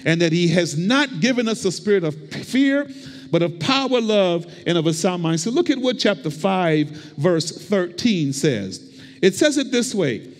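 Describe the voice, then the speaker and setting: A male pastor preaching a sermon, with rhythmic repetition and call-and-response to the congregation. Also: sits high. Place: church sanctuary. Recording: long hall reverb.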